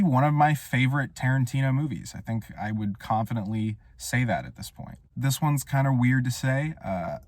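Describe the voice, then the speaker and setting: A man giving a casual, rambling film review monologue with wry, deadpan humor. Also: lowish voice. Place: Portland area.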